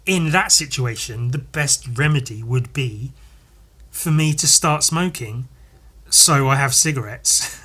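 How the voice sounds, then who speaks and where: A man's voice: medium pitch, sharp tone, breathy edge. A man hosting a podcast, telling a story casually, rambling, swearing often and laughing at himself. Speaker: podcast host.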